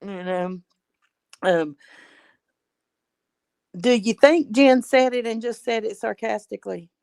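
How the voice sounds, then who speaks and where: A woman's voice: a little high, slow, vocal fry, darkish tone, no echo. A woman calling in to a talk show who chats casually and rambles, tacking on fillers like "kind of thing and stuff.". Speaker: regular caller. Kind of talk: casual chat.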